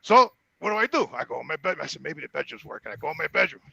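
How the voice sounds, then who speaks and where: A man's voice: on the high side, sing-song, rapid-fire, vocal fry, bright, forceful tone, slightly rough, no echo. A man in his sixties telling a profane story in casual chat, out of breath. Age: 60s. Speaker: podcast regular.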